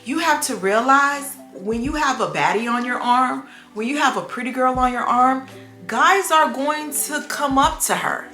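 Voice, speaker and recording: A woman's voice: sits high, normal speed, soft background music. A young adult woman, chatting casually on her vlog and acting out the people in her stories. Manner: animated storytelling, acts out quoted voices. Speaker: vlogger. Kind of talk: casual chat. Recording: echoey room.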